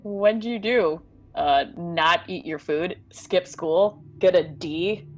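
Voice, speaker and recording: A frantic, foul-mouthed boy on Mars, put on by a woman, jumping from sneering jabs to shrill panicked yelps. He swears freely and sometimes hushes to a whisper. A faint bed of music sits behind him. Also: takes it slowly. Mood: mocking.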